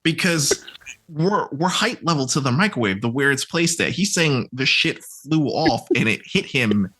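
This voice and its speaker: A young man guesting on a podcast, telling a story in an animated, profane way and laughing as he acts out what others said. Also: on the high side, normal speed, slightly rough. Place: podcast recording.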